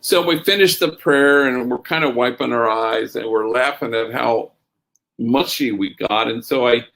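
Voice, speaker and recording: Man, middle-aged, gravelly voice, storytelling talk, Spanish slang in the mix. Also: mid-range voice, moderate pace. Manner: tells stories with Spanish slang phrases mixed in; quotes others in a raised, lively voice. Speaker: priest and speaker.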